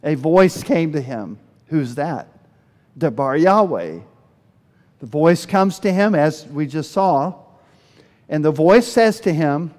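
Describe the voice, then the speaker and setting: A man preaching a sermon as pastor, telling Bible stories in an animated way and acting out the speakers he quotes. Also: a little high, slow. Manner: animated storytelling, voices quoted speakers with bursts of energy. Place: church sanctuary. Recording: long hall reverb.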